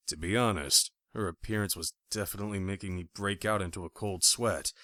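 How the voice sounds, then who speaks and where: A man narrating a thriller audiobook in the first person, with expressive storytelling. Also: on the low side, moderate pace, no echo, studio quality.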